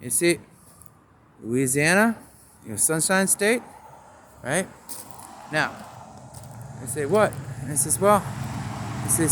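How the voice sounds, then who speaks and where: A man with a slightly raised pitch rambles from one thought to the next, punning on store names as he goes. He is recorded outdoors on a town street, with a faint wash of traffic behind him. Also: a little slow, pauses often. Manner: rambling, free-associating, wordplay on signs.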